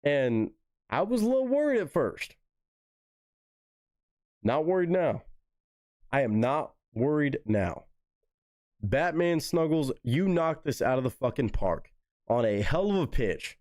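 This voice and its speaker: A man hosting a live music reaction stream, chatting eagerly and swearing freely as he calls out viewers by name. His voice sits a bit high and swings widely in pitch. The sound is dry, with no room echo. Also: sing-song, a little slow, pauses often, darkish tone. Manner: enthusiastic, profane, addresses chat viewers by name. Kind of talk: casual reaction commentary.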